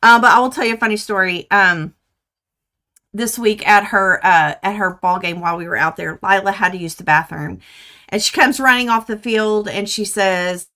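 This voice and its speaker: An older woman, chatting excitedly and laughing easily as host of a quilting livestream. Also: mid-range voice, normal speed. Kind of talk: casual chat to live viewers. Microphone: webcam livestream.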